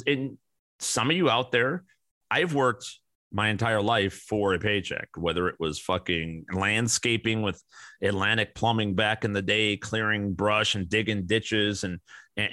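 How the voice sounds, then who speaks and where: A man's voice: fairly low pitch, bright, forceful tone, dry recording. A man in his forties, an American podcast host, delivering a blunt, profane, fired-up rant. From American Midwest. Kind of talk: ranting monologue.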